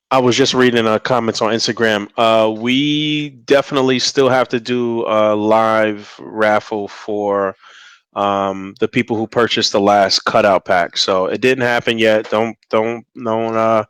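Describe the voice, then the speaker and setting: Male podcast host, low smooth voice, halting delivery, dry sound. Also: level tone, a bit bright, no echo. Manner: halting, many ums and restarts. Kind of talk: casual chat.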